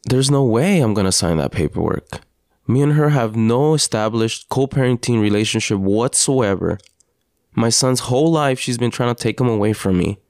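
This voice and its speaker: A father hosting a podcast, telling his story in an earnest, halting personal monologue with frequent restarts. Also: medium pitch, expressive, a little mellow, dry recording, studio quality. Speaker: podcast host.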